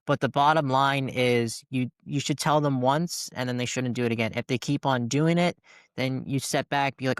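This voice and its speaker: A man's voice: medium pitch, fairly even intonation, normal speed, clear, resonant tone, no room sound, studio quality. A man hosting a podcast, talking casually and summarizing points in an explanatory way. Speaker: podcast host. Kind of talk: casual interview talk.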